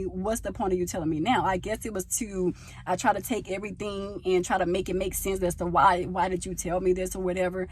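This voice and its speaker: A young woman from the United States talking casually into a handheld phone, telling a personal story and getting louder as she gets passionate. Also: on the low side, fairly quick, husky. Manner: animated, gets loud when passionate. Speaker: vlogger. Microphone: phone held in hand.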